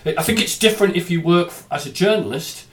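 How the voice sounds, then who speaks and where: A man's voice: high voice, expressive, fairly quick, a bit bright. A man hosting a podcast, chatting casually and cracking self-mocking jokes. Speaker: podcast host.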